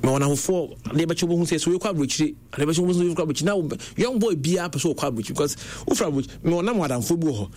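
This young man from Ghana talks very fast with few pauses, his fairly high voice carrying a Ghanaian accent. He's animated as he tells stories in casual conversation, mixing Twi and English, while faint noise sits in the background.

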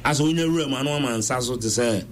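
A man with a Ghanaian accent conducts a casual interview, mostly offering short prompts and acknowledgements. His voice sits in an ordinary middle pitch. A faint hiss of noise runs under the recording. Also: very fast.

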